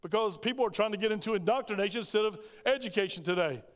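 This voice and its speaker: A man's voice: high-pitched, quick pace. A man preaching a sermon as pastor, firing off rhetorical questions and acting out scripture quotes. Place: church sanctuary. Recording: long hall reverb.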